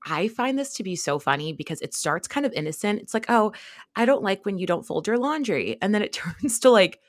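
Clean studio audio with no room sound captures a young American podcast co-host speaking at medium pitch with lively intonation. Chatting casually, she gushes, leans on fillers, and drops quick asides full of "like."

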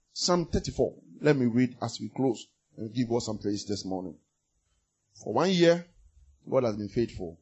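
A man preaching a sermon with passion, repeating phrases and swinging from loud bursts to quiet murmurs. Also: mid-range voice, animated, normal speed, husky. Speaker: pastor.

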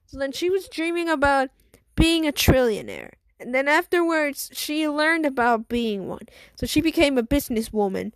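Woman making up a story as she goes, high voice, dry sound, faint music behind. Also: sing-song, moderate pace, no room sound. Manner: rambling, loose narration. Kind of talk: improvised storytelling.

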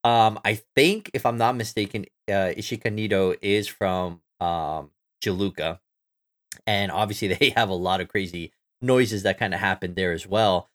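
Young man, podcast co-host, low voice, eager and rambling. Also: normal speed, fairly bright tone. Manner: enthusiastic, rambling with fillers and restarts. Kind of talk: casual chat.

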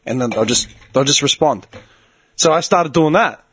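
A man's voice: mid-range voice, moderate pace, slightly rough, dry recording. A man telling stories in casual chat, swearing freely and breaking into laughter. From Australia. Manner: swearing, animated storytelling, bursts of laughter.

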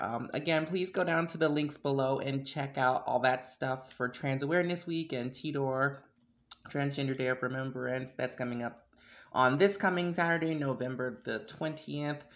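A woman hosting a podcast, chatting casually and introducing her guest with lots of fillers. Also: rumbling low. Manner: chatty, warm-hearted, filler-heavy. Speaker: podcast host.

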